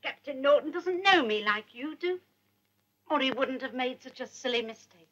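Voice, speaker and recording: A woman's voice: high voice, expressive, normal speed, fairly bright tone, lo-fi sound. A woman playing a fussy, doting old nanny in a 1950s British film, scolding grown men in baby talk. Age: older. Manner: baby-talking, scolding like to a child.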